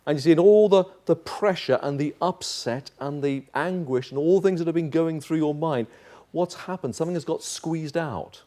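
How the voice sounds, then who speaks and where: A pastor preaching a sermon, putting direct questions to the congregation and building to urgent, impassioned pleading. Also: male voice, a little high, normal speed, darkish tone. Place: chapel.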